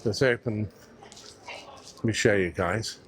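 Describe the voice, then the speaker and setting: A man's voice: fairly low pitch, takes it slowly. A man giving casual walking-tour commentary outdoors, musing aloud and chatting to viewers while he walks and films. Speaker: vlogger. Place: outdoors on city streets. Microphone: clip mic under his coat.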